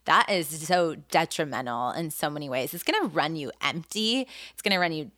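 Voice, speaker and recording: Young woman, podcast co-host, very low voice, dry close sound, rambling, encouraging. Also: expressive, a little fast, pushed and bright, dry recording. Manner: rambling, encouraging, many restarts. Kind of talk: casual faith podcast chat.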